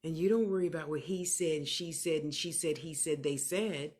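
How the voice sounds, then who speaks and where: Animated sassy woman giving livestream readings. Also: low-pitched, normal speed. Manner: animated, emphatic, sassy and motherly; repeats phrases for emphasis. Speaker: clairvoyant medium.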